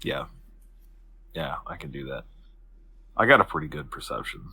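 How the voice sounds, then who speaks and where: A man's voice: extremely low pitch, big pitch swings, moderate pace, creaky, bright, forceful tone, slightly rough. A man playing a tabletop game, chatty and joking with the table. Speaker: player. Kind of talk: casual tabletop game play.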